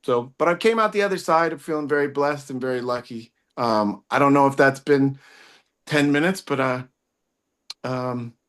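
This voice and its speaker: A man doing a rambling, self-mocking stand-up set over a video call, with occasional bursts of loud singing. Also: medium pitch, moderate pace, clean tone. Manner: rambling, self-mocking delivery with sudden loud sung bits. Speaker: stand-up comedian. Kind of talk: stand-up set on a virtual show.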